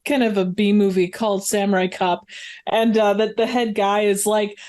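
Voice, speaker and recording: A woman's voice: mid-range voice, little pitch movement, normal speed, a little mellow. A woman guest on a movie podcast, chatting casually with plenty of fillers and frequent laughter.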